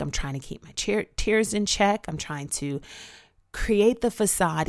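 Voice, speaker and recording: A woman giving an earnest, reflective personal testimony, speaking slowly and deliberately. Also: low-pitched, vocal fry. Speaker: speaker sharing her story.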